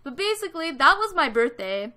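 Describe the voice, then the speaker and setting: Chatty canadian girl in her 20s, kinda high and bright voice, rambling story w lots of "like". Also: sing-song, a little fast. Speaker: gaming vlogger. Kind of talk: casual chat over a speed build.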